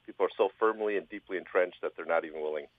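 A man calling in as a guest, telling a joke casually, with a halting delivery and many fillers. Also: deep voice, slightly rough, no room sound. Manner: halting, lots of fillers, lively. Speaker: phone-in guest, joke teller. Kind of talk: casual storytelling. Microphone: phone. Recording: tinny phone line.

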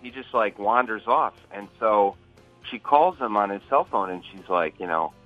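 Low-voiced guy telling jokes on a radio show, kinda muffled recording. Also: lively intonation, moderate pace, no room sound, faint music behind. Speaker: comedian guest. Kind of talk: casual storytelling chat.

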